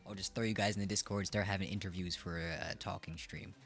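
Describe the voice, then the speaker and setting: A man's voice: low-pitched, steady tone, fast, vocal fry, a bit bright, soft background music. A man in his twenties chatting casually on a live stream, playful and joking at his own expense. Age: 20s. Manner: playful, joking, self-mocking. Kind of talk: casual chat.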